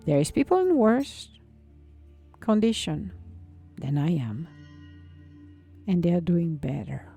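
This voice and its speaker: A woman's voice: medium pitch, a little mellow. Blunt woman giving a tough-love pep talk. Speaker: podcast host. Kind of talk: solo self-help talk.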